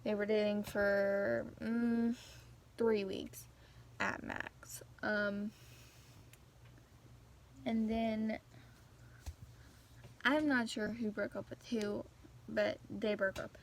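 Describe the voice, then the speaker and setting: A woman's voice: mid-range voice, flat delivery, very slow, creaky, pauses often, a little hiss or hum. A teenage girl telling a rambling, gossipy story as a casual rant, full of restarts and asides. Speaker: vlogger.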